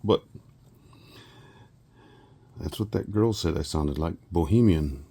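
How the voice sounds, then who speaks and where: A man from South Texas chatting casually while he works, a rambling storyteller who often clears his throat. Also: deep voice, slow pace, dark tone. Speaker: resin crafting vlogger.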